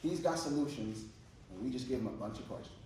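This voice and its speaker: A man's voice: mid-range voice, animated, fast talker, a little mellow, a little hiss or hum. A man preaching as a junior pastor in a conversational, slangy way, often repeating his words. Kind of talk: sermon. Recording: echoey room from far off.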